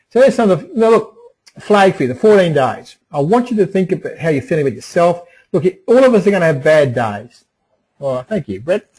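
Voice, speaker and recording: Man, middle-aged, webinar presenter, folksy, repeats himself, slightly high voice. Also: darkish tone, poor audio. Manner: folksy, repeats phrases, many restarts and ums. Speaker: webinar presenter on emotional resilience.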